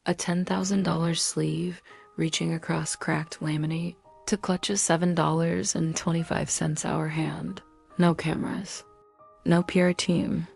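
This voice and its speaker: A woman's voice: low voice, creaky, darkish tone, breathy edge. A woman narrating a scripted dramatic story in punchy short sentences.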